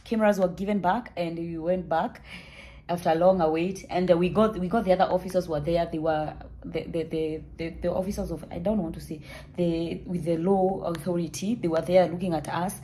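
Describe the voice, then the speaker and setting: A woman's voice: lowish voice, fairly even intonation, a little fast, dark tone, a little hiss or hum. Young Kenyan woman, travel vlogger, playful and theatrical storyteller. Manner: playful, joking, dramatic retelling. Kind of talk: animated storytelling to camera.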